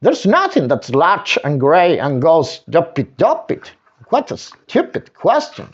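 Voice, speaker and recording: A man reading a storybook aloud, voicing a smug, mocking male elephant with a loud, trumpeting delivery. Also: fairly high pitch, wildly swooping pitch, measured pace, breathy edge, muffled recording, full character voice. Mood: worried.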